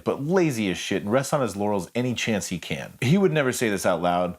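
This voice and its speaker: A man, a singer-songwriter, giving reflective vlog narration in a candid, wry way with plenty of swearing. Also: low-pitched.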